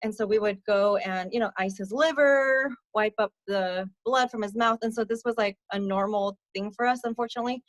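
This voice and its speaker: A young woman speaking softly as a podcast guest, recounting her own past with many fillers. Her voice sits at a medium pitch and sinks quietly on the heaviest moments. The sound is dry and close. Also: fairly quick, few pauses, dry recording. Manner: soft-spoken, frequent fillers, drops low on hard parts. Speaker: podcast guest, abuse survivor mentor. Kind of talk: candid personal testimony.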